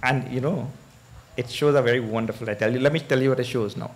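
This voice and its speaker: A man's voice: medium pitch, fast talker. A man giving a scripture discourse as a swami, telling stories with chuckles and asking his audience questions. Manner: animated storytelling, chuckles, asks the audience "eh?". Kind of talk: sermon.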